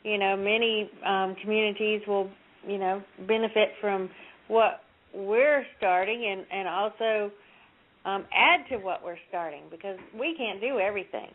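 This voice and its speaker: A woman's voice: mid-range voice, normal speed. A woman calling in to a radio show, talking earnestly and rambling with many fillers. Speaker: caller. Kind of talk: phone-in chat. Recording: tinny phone line.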